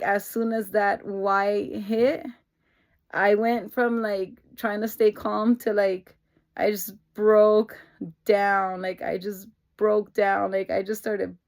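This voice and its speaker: A woman's voice: mid-range voice, creaky, darkish tone. A young woman vlogging casually about her week, rambling with fillers and restarts. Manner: rambling, many fillers and restarts, laughs through tears. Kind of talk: casual personal vlog storytelling.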